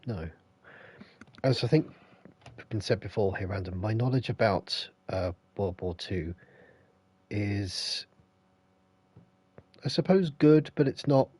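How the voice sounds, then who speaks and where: Male streamer, low husky voice, dry close sound, chatty asides. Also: a little mellow, dry recording. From England. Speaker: game streamer. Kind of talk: casual gameplay commentary.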